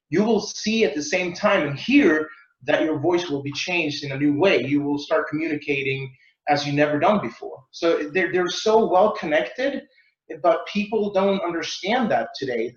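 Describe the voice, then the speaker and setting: A communication expert appears as a guest, giving animated interview answers in a lively, playful way and acting out mock accents and sounds. His voice is a little high, and the sound is roomy and lo-fi.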